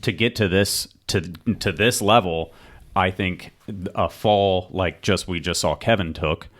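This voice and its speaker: A man's voice: deep voice, unhurried, a bit bright. A man hosting a studio chat, talking in a rambling way with many fillers. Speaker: podcast host. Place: podcast studio.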